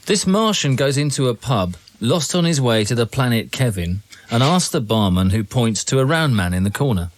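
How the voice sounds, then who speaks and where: A man's voice: mid-range voice, lively intonation, normal speed, few pauses, no echo. A man guest in a radio studio, chatting in an offbeat, rambling way and reading a joke aloud. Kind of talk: casual studio chat.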